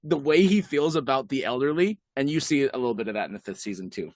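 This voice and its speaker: Male podcast co-host, casual rambling chat, middle pitch, dry close sound. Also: animated, fast, no room sound.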